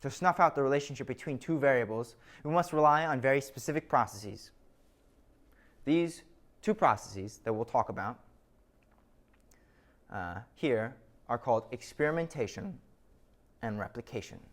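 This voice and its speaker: A man's voice: medium pitch, expressive, normal speed, pauses often. A man giving a scripted lecture, telling an illustrative story with wry asides.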